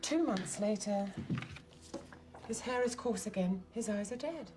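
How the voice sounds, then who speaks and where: A woman's voice: mid-range voice, animated, unhurried, background noise, lightly acted. Sarcastic British mother, a woman playing her. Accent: British English. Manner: blunt and sarcastic. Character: worn-down, sharp-tongued mother of a sick boy. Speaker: mother of an autistic son. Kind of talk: British TV drama acting.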